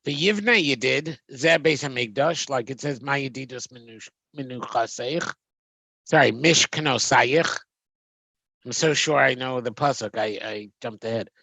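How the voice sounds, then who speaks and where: A man's voice: mid-range voice, normal speed, vocal fry, pushed and bright, no room sound. A man teaching a text study, reading Hebrew phrases and translating them with frequent ums and restarts. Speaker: Torah teacher.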